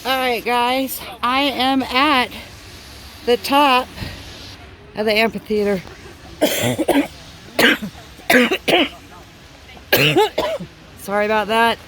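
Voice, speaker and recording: Breathless woman vlogger, unhurried delivery, phone-filmed outdoors, faint noise behind. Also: fairly high pitch, animated, a bit bright. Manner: chatty, talks straight to viewers. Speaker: crafting channel host. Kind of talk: casual vlog chat. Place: outdoor hillside amphitheater at high altitude. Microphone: handheld phone camera.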